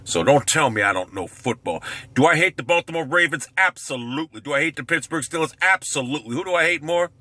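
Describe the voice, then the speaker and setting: A man's voice: a little high, expressive, quick pace, bright, forceful tone. A man ranting brashly about football on his vlog, swearing often and swinging his voice up and down. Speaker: sports vlogger. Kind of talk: profane sports rant.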